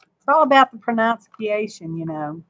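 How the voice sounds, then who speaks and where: During a live craft demonstration, a woman who runs a crafting channel keeps up a homey, meandering chatter aimed at both her viewers and herself. Her mid-range voice is expressive and moves at a normal speed, though the audio is dull with a little hiss or hum.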